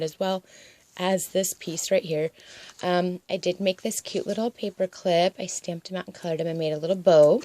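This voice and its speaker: Chatty woman with a lowish voice. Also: no echo. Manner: chatty and rambling, with many ums and asides. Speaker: paper crafter. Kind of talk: casual craft show-and-tell.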